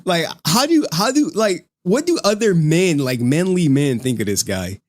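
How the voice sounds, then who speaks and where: A man's voice: on the high side, very animated, normal speed, no room sound. Taunting, laughing male streamer. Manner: laughs often, profane, taunting; calls people "dog". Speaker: streamer commentator. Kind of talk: mocking live-stream commentary.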